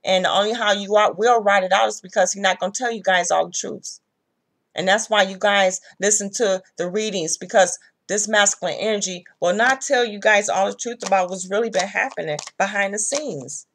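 A woman's voice: medium pitch, fairly quick, a bit bright. Blunt, profane woman tarot reader. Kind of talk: casual tarot reading.

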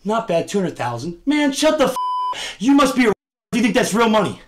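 A man's voice: high-pitched, huge pitch swings, quick pace. A man livestreaming, trading brash, profane taunts and repeating his jabs. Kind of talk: heated livestream argument.

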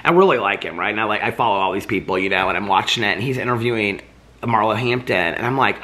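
A man's voice: lowish voice, fast, bright, forceful tone. A man vlogging about reality TV in a casual, gossipy and dramatic way, full of asides like "like" and "okay". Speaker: TV commentary vlogger. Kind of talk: casual gossipy chat to camera.

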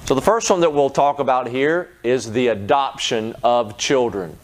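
A middle-aged man, a pastor, preaching a sermon in an earnest way, rising in pitch when he presses a point. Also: normal speed.

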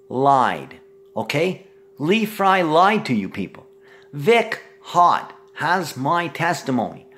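A middle-aged man in a rambling monologue, agitated and profane, swinging between shouting and muttering. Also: on the high side.

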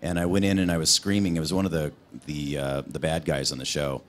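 Deep male voice actor fielding fan questions on a convention panel, loose and jokey. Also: flat delivery, fairly quick. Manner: joking, self-deprecating, laughs often. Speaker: guest voice actor.

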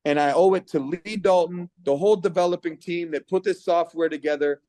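A middle-aged man from Canada talks on a video call, earnest and persuasive, his fairly high voice catching with feeling. The sound is close and dry, with no room around it. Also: fairly quick, warm tone, dry recording. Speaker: guest giving a testimonial. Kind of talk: personal testimonial on a video call.

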